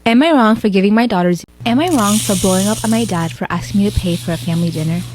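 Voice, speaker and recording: A woman's voice: medium pitch, fast talker, background noise. A woman reading online posts aloud in a casual way, tossing in sarcastic asides.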